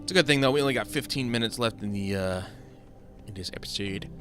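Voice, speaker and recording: Fast and a bit bright, this man's voice sits on the low side. He's doing a chatty, rambling let's-play with plenty of jokes about himself, game music in the background and key presses audible through his desk microphone.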